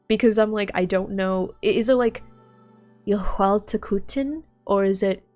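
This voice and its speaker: A woman streamer reading game dialogue aloud and chatting to viewers between lines, stumbling over names and apologizing. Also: mid-range voice. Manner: reads scripted lines with dramatic pauses, breaks off to chat.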